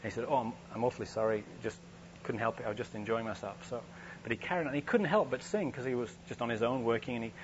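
A man's voice: medium pitch, quick pace. Guy preaching, telling stories, chatty with lots of restarts, mid voice, dull lo-fi recording with a hum. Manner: storytelling, conversational, with many restarts. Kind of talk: sermon.

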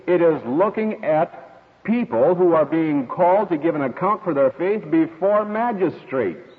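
A man preaching a sermon, telling stories and acting out quoted voices as he teaches. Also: fairly high pitch. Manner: storytelling, expressive with quoted voices. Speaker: pastor. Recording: tinny radio broadcast with long hall reverb.

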